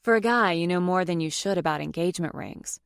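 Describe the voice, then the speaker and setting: A guarded young woman lawyer, voiced by a woman narrator, crisp and clipped in a plain mid-range voice. The recording is dry and close. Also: on the low side, fairly quick, dry recording. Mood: wry.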